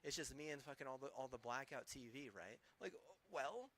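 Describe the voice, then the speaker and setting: A man's voice: mid-range voice, steady tone, fast talker, fairly bright tone. A man streaming, ranting angrily with heavy swearing and rambling, restarting sentences. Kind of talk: angry profane rant.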